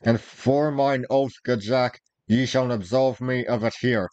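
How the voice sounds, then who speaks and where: A man's voice: medium pitch, fairly even intonation, a little slow, dry recording, muffled recording, lightly acted. A man reading aloud, voicing a proud, hot-tempered young male outlaw archer in old-fashioned speech. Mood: passionate. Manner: archaic, old-fashioned speech, forceful outbursts.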